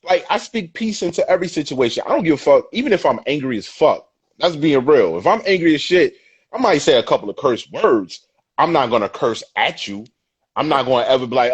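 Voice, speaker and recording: A man on a casual podcast, telling stories in an animated, profane way. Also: on the high side, a little fast, breathy edge. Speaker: podcast guest. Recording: dull lo-fi sound.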